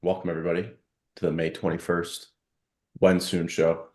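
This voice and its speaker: A man's voice: low-pitched, flat delivery, moderate pace, darkish tone. A man hosting a casual live audio chat and talking at length in loose, meandering explanations as a startup founder.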